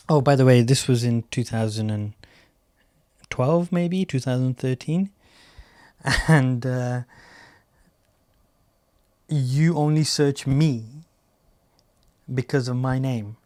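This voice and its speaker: A man telling rambling stand-up stories, acting out other people's voices and halting often with fillers. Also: medium pitch, darkish tone, clean tone, no echo, clean studio sound. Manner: rambling anecdotes with quoted voices; slow, halting delivery with many fillers. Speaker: stand-up comedian. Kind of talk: stand-up storytelling.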